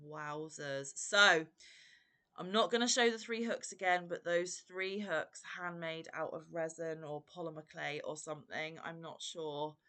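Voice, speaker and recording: A woman's voice: low-pitched, fairly bright tone. A woman vlogger unboxing a gift parcel, gushing and exclaiming over each item. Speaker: crochet vlogger. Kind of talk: unboxing vlog.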